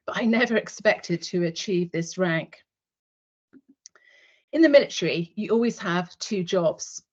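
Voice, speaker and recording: A woman in her fifties speaks in a low, settled voice, drawing listeners into a vivid story told in the second person. She is a guest speaker on an online webinar, and the audio comes through a dull, lo-fi video call. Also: unhurried. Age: 50s. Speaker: guest speaker, retired military nurse.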